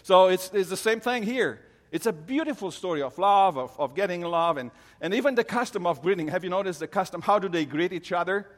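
Preacher in a reverberant hall. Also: male voice, high voice, expressive, a little fast, hardly any pauses. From Romania. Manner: earnest storytelling with frequent restarts. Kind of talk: sermon on a Bible story.

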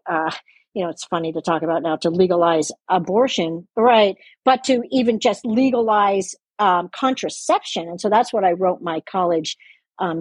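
Older woman, faint Canadian accent, breathy edge, dry recording; thoughtful, meandering interview guest. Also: mid-range voice, darkish tone, no room sound. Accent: light Canadian. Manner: rambling, self-correcting, laughs at herself. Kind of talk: reflective interview talk.

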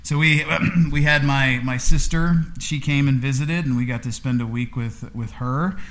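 Casting: thirties male podcast host, mid-pitched, easygoing and rambling. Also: moderate pace. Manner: rambling, filler-heavy, warm congratulating. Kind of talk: casual chat.

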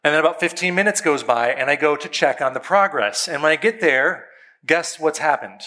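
Bright-voiced man telling a parenting story. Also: brisk. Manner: animated, acts out his kids and himself with jumps in pitch; talks straight to listeners with rhetorical questions. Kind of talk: conversational storytelling to an audience.

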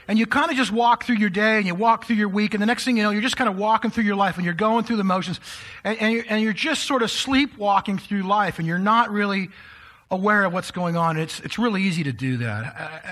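Man, pastor, sermon, high-pitched voice, conversational, talks straight to the congregation. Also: a bit bright. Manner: conversational, addresses the congregation directly.

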